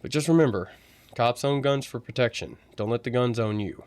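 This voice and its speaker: A man's voice: medium pitch, fairly quick, darkish tone, no room sound, lightly acted. A man voicing a stern older male armory sergeant who lectures about guns. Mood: preachy.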